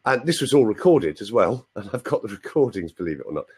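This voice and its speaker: A London man in his sixties with a London accent is a guest on a live video chat, telling stories in a chatty, playful way and asking listeners for confirmation. His fairly low voice is very animated and fast, with a darkish, slightly rough tone.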